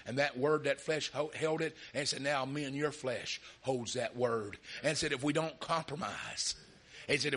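High gravelly-voiced fiery preacher man. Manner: impassioned, often shouting; calls out hallelujah and amen. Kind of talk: sermon.

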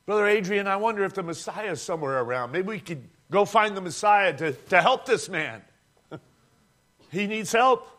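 A man's voice: high voice, animated, brisk, fairly bright tone. A man preaching a sermon, telling a story dramatically and calling the congregation friends.

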